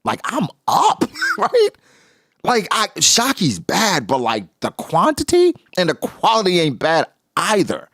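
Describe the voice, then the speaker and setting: A man giving casual, excitable reaction commentary on a manga chapter, exclaiming and joking as he reads. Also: high voice, measured pace, no room sound, clean studio sound.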